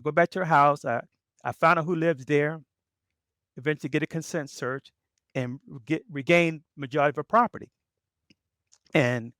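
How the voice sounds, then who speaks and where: A man's voice: a little high, no echo, studio quality. A middle-aged man from Baltimore, a former police officer, telling his story in an interview and acting out the voices of the people in it. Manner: animated storyteller who acts out quoted voices.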